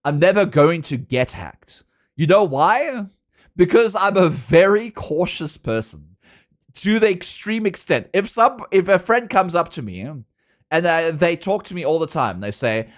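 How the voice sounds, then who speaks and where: A man's voice: fairly high pitch, very animated, moderate pace. A young man with a South African accent, a streamer chatting casually and playfully with his viewers, laughing often. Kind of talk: casual chat with a live stream audience.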